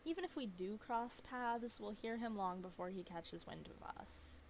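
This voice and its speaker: A woman's voice: medium pitch, moderate pace, slight background noise, natural voice. Woman reading a friendly young cryptid hunter. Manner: friendly, easygoing line reading.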